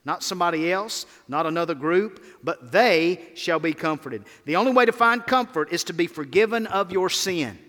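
A man's voice: high voice, expressive, normal speed, hardly any pauses, a bit bright, in a large hall. A male pastor preaching a sermon, with emphatic rises and falls and rhetorical questions.

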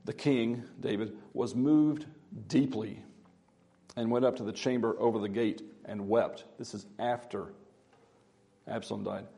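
A man giving a Bible teaching in a halting way with many fillers, reading scripture aloud with more emphasis. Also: lowish voice, steady tone, dark tone.

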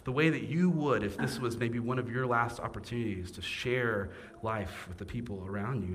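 A man's voice: fairly low pitch, slight background noise. Playful man preaching a sermon. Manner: playful, jokey asides with shifting emphasis.

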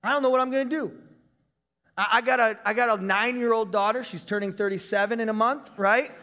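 A male pastor in his thirties preaching a conversational sermon, breaking into shouts now and then. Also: high-pitched, fairly even intonation, a little fast, in a large hall.

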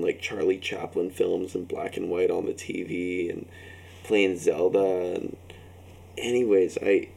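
A man's voice: low voice, gravelly, warm tone. A man telling rambling, profane anecdotes in casual group banter, acting out what people said. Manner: rambling anecdotes, swears freely, acts out quotes. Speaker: storyteller in group chat.

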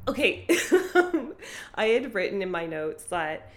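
A woman's voice: medium pitch, sing-song, slow. A woman co-hosting a podcast, chatting casually with giggly, playful teasing. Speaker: podcast co-host. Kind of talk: casual recap chat.

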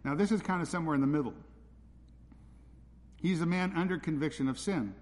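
A man's voice: fairly high pitch, brisk, a little mellow. A man preaching a sermon as a pastor, blunt and direct in his delivery. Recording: reverberant hall.

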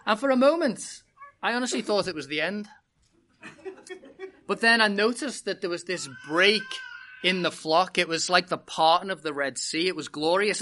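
A preacher with a British accent, opening a sermon with a humorous, animated personal story before teaching the congregation. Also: medium pitch, a little hiss or hum. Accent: British English. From Britain.

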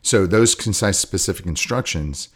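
Casting: a man with a Southern accent and a very low voice, who chats casually as a podcast co-host about coaching and sometimes breaks into a mock sideline yell. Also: moderate pace. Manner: acts out coaches yelling from the sidelines.

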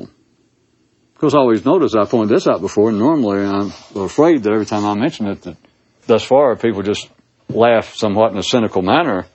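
A man's voice: lowish voice, fairly quick, a little mellow, breathy edge. A man in a casual philosophical monologue, theatrical and sarcastic, heard on a dull lo-fi recording. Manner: sarcastic, theatrical, swooping emphasis. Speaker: speaker giving a monologue.

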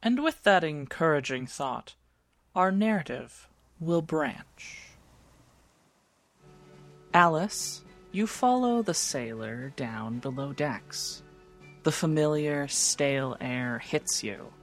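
A woman narrating a tabletop game as game master in a measured, descriptive way. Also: sits low, lively intonation, soft background music.

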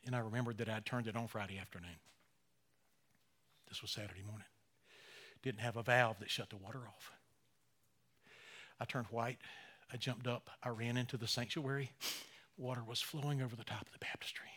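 A man in his sixties preaching a sermon, emotional, dropping to near-whispers and rising to loud, fervent emphasis, slowing on key phrases. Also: mid-range voice, steady tone. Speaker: pastor.

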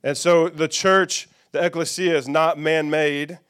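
A middle-aged man preaching a sermon, his voice smooth and resonant and pitched a little above most men's. He talks to his congregation in a conversational way, stopping often to ask "okay?" or "amen?" to make sure they follow. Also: fairly even intonation, a little slow, a bit bright. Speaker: pastor.

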